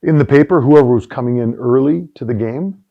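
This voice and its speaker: A middle-aged man, a guest on an interview show, telling stories in a casual, animated way with lots of fillers and restarts. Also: medium pitch, fairly quick, creaky. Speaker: guest, sales executive and former football player. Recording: dull lo-fi recording.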